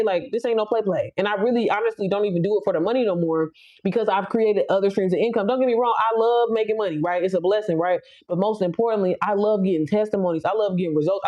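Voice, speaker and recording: Young woman going off on a live stream, quick and cussing, mellow tone, kinda muffled phone audio. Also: mid-range voice. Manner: blunt, profane, hype-up preaching. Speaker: live stream host, business coach. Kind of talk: casual motivational live chat.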